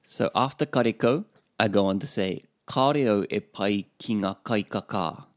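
A man's voice: lowish voice, moderate pace, no echo, studio quality. A man co-hosting a language lesson, repeating phrases and asking checking questions. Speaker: co-host and learner.

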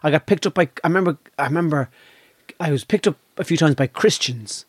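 Man, irish accent, middle-aged, casual storytelling, halting, dry. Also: fairly high pitch, slightly rough, dry recording. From Ireland. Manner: halting, many restarts and fillers.

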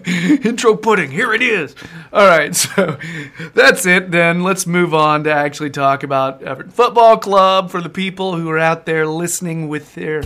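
A man's voice: high-pitched, bright, forceful tone. A young man, hosting a casual podcast and rambling with easy laughs and casual swearing. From American South. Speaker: podcast host.

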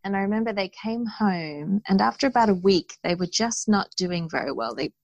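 A woman speaking as an interview guest, telling her story in an earnest, animated way. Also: medium pitch, moderate pace, no echo, lo-fi sound. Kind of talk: conversational interview.

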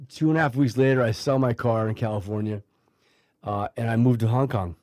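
A brisk, slightly mellow, medium-pitched man tells a long, rambling life story as a guest, full of restarts, fillers and acted-out quotes. The middle-aged speaker is recorded dry with clean studio sound.

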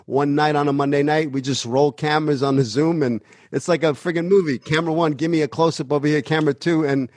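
Upbeat guy hosting a podcast, talks fast and emphatic, dry sound, says "you know" a ton. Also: a little high, fairly even intonation, darkish tone, dry recording. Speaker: acting teacher and podcast host. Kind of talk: casual chat.

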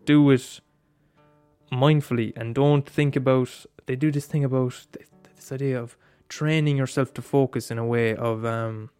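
A man's voice: mid-range voice, fairly even intonation, moderate pace, a little mellow, smooth, no echo, soft background music. A man in a rambling casual monologue, swearing often and restarting his sentences.

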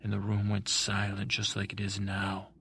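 Brief: low, flat, rough-edged male storyteller, bright tone, improvised sleep tale. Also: normal speed, a little hiss or hum. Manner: meandering, with self-corrections and asides. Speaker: podcast host and storyteller. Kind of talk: improvised bedtime story narration.

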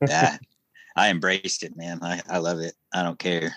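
Man, low voice, earnest, laughs easily, dry close mic. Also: slow pace, gravelly, dry recording. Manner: earnest, laughs often, relaxed. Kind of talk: casual chat.

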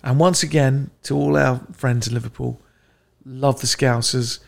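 A man's voice: mid-range voice, fairly even intonation, unhurried, vocal fry. A middle-aged man, a comedian guest, chatting casually with wry banter. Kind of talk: casual chat.

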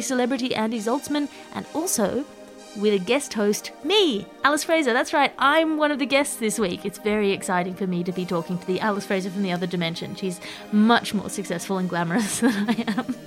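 A woman hosts a comedy news roundup in a dry, teasing, self-mocking tone at a middling pitch. Faint music runs beneath her voice. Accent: Australian. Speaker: podcast host. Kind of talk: scripted comedic roundup narration.

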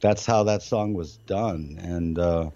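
An older man as a musician guest, telling a long, rambling story with many halting fillers. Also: deep voice, dark tone. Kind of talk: casual storytelling interview. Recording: dull, muffled lo-fi sound.

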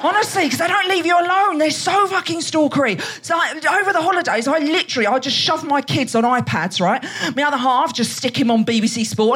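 A woman performing brash, sweary stand-up comedy on a theatre stage, telling stories fast to a live audience. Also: high voice, a bit bright.

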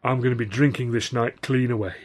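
A man's voice: mid-range voice, fairly even intonation, brisk, heavy background noise, natural voice. A man doing a slurring, bitter drunk. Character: beaten-up drunken young male stage producer, bitter.

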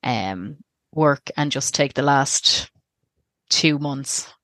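A low-pitched Irish woman in her thirties recounts her own experience as an interview guest. She talks candidly and rambles, breaking off and restarting her thoughts. The recording is dry and close. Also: lively intonation, very slow, fairly bright tone, no echo. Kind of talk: personal storytelling interview.

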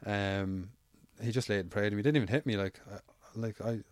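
A man's voice: fairly low pitch, a little fast, no room sound, clean studio sound. An Irish man, an amateur MMA fighter, telling stories in casual, rambling, swear-heavy chat. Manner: swears freely, rambling anecdotal.

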